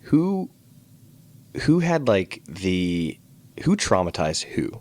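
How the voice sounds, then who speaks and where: A man's voice: sits low, wildly swooping pitch, slow, darkish tone. A man from Virginia co-hosting a podcast, chatting casually with playful, teasing questions. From Fairfax, Virginia, USA. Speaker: podcast co-host. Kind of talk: casual chat.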